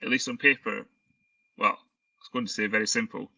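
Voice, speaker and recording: A man talking as a sports journalist in a casual chat, laying out facts in a measured way. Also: on the low side, fairly even intonation, vocal fry, a crowd in the background, low-quality recording.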